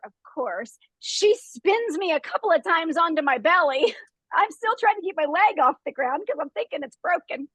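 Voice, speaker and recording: A woman hosting a group talk, telling an animated story, laughing often and acting out the sounds. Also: high voice, no room sound, rough recording. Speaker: host.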